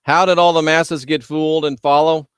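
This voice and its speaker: A man hosting a livestream, talking loudly and emphatically while reading viewer chat. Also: fairly high pitch, flat delivery, normal speed, smooth, no echo, studio quality. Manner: loud, shouting, emphatic. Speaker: host.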